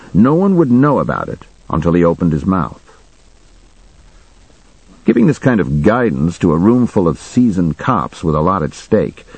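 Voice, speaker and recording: Male narrator, deep and husky, dry close sound, measured first-person read. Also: a little mellow, dry recording, rough recording.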